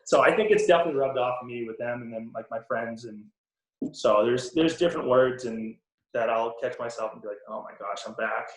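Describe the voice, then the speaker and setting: A young hockey pro from the Boston area, with the accent to match, guests on a casual podcast interview. His mid-range voice moves briskly but he rambles in a relaxed way, full of ums and restarts, and the room gives a noticeable echo.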